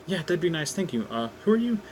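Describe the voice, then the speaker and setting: A man's voice: a little high, big pitch swings, fast talker, a little mellow, slight background noise, voice pushed up, poor audio. A man reading a fan script aloud and voicing an anxious, earnest teenage male superhero who stammers a little. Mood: nervous.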